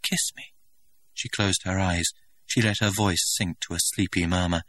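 A man giving an expressive, dramatic audiobook narration. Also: deep voice, normal speed.

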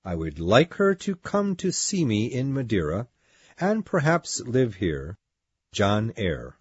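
A formal, kindly uncle writing from afar, as a man reads his letter, his husky voice slow but swinging widely in pitch. The sound is dull, dry and lo-fi. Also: wildly swooping pitch, dry recording, full character voice.

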